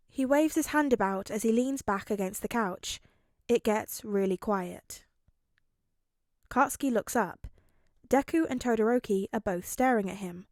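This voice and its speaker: A woman's voice: a little high, moderate pace, no room sound, clean studio sound. Woman narrating a fan audiobook. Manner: expressive storytelling. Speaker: fanfic audiobook reader.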